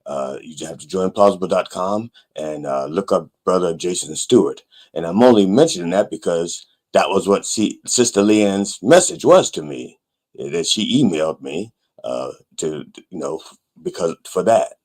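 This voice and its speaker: A man hosting a comic sermon show, rambling with wry, deadpan asides. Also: low voice, normal speed. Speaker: pastor and show host.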